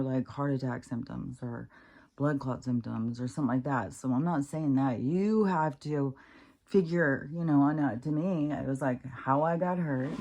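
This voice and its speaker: Low-voiced woman ranting casually. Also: darkish tone. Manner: frank, frustrated, swears a lot; rambling, with many fillers and restarts. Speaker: vlogger. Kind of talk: casual rambling monologue.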